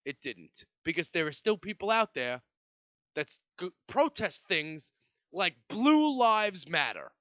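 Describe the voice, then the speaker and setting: A young Brooklyn man hosts a casual solo podcast, his high voice swinging widely in pitch at a slightly slow pace. The recording is dry and muffled, and his monologue is a rambling, swearing rant full of restarts.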